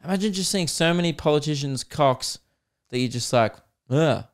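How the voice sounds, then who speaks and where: A man's voice: on the high side, a little fast, clear, resonant tone. A young Australian man hosting a podcast, ranting crudely and sarcastically between laughs. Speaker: podcast host and comedian. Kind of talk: casual comedic rant.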